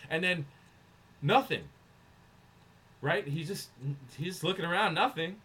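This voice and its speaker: A man co-hosting a podcast, telling a long story in casual chat, profane and animated, acting out other people's lines. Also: high voice, unhurried, slightly rough. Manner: profane, animated, acts out voices in anecdotes. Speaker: podcast co-host.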